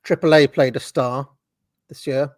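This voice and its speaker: A man in his forties hosts a relaxed video-call chat commenting on videos, dry and wry, often chuckling and restarting sentences. His medium-pitched voice is unhurried, and the sound is close and dead with no echo.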